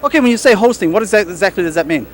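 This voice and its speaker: A man's voice: high-pitched, animated, a little hiss or hum. A man hosting an outdoor car show interview, joking and teasing his guests. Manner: teasing, fast-talking.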